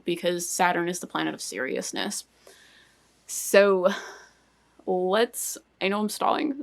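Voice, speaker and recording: A young woman giving an emotional personal life update, halting and full of fillers, trying not to cry. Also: mid-range voice. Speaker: channel host.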